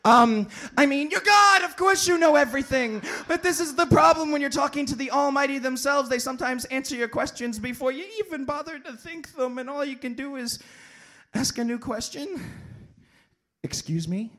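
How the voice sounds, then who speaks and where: A man performing a comic slam poem at a live poetry venue on a stage microphone, animated and swinging between shouts and hushed lines. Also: extremely high pitch, brisk. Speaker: slam poet.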